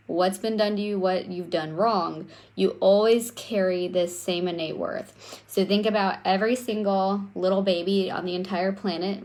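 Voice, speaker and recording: Speaking in a medium-pitched voice with a darkish tone, a woman gives a casual teaching talk on self-worth. She keeps it conversational, tags many of her points with "right?" and swears now and then.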